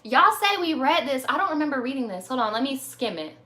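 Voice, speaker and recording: A woman's voice: high-pitched, big pitch swings, a little fast, bright, forceful tone. A young woman hosting a live stream, reading viewer stories in a chatty, slangy way, laughing and swearing often. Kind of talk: casual chat.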